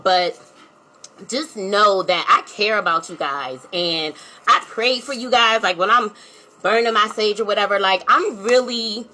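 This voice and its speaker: A woman's voice: medium pitch, pushed and bright, rough recording. A woman, talking earnestly to her live-stream viewers as a spiritual coach and asking "right?" again and again. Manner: earnest, repeats herself, says "right?" and "like" often. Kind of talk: casual heartfelt live-stream talk.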